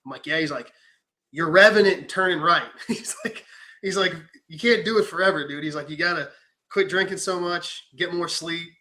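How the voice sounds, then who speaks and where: A young man in casual podcast chat, telling animated stories, acting out quotes and swearing freely. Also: on the high side, moderate pace. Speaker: podcast host.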